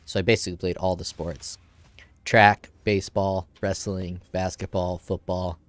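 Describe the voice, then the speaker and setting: A man's voice: low-pitched, flat delivery, normal speed, dry recording. A man in his forties, stuffed up and nasal, chatting casually and edgily while streaming a game, swearing now and then. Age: 40s. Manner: youthful, edgy, swears casually. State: congested nose.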